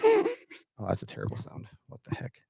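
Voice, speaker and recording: A man's voice: high-pitched, wildly swooping pitch, normal speed, vocal fry, warm tone, slight background noise. A man from Wisconsin hosting a casual live stream from his home computer, a little out of breath with a stuffy nose, rambling through comments with lots of fillers. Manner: rambling, reads comments aloud, many fillers. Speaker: host of a hunting podcast. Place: home, early morning. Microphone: computer mic at home.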